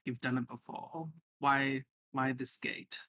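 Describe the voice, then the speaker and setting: A man's voice: mid-range voice, fairly even intonation, slow pace, sharp tone, poor audio. A man playing a tabletop game, chatty and chuckling as he narrates his character's actions. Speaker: player. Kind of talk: casual tabletop play.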